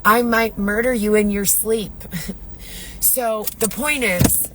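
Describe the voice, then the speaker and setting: A woman's voice: medium pitch, steady tone, slow pace, very noisy. A woman ranting on a live video in a distressed, rambling way, swearing often. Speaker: livestreamer. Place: Chicago.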